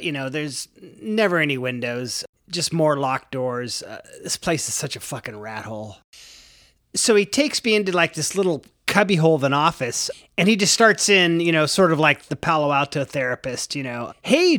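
A man's voice: fairly high pitch, sharp tone. A young man narrating a first-person memoir in a loose, conversational way, full of fillers and swearing. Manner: conversational, heavy fillers, profane.

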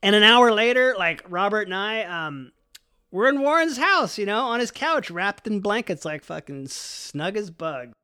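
A man telling a personal story in an animated, rambling way, full of "like" and "you know", swearing and acting out voices. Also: high voice, a little slow, smooth. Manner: animated, lots of likes and you knows, swearing, acts out voices.

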